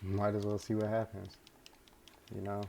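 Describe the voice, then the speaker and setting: A man's voice: fairly low pitch, monotone, moderate pace, creaky, dark tone, slight background noise. A young man casually telling a story from his life, rambling, laid-back and full of swearing, recorded at home.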